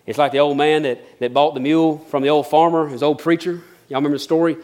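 A man's voice: on the high side, steady tone, fast, a little mellow. A middle-aged man preaching a sermon, mixing folksy storytelling with earnest, building emphasis. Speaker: pastor.

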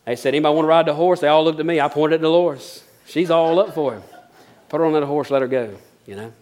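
A middle-aged pastor delivers a sermon in a folksy, storytelling way. His voice sits a little high for a man, and he grows earnest and emphatic as he preaches. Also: quick pace, a little mellow.

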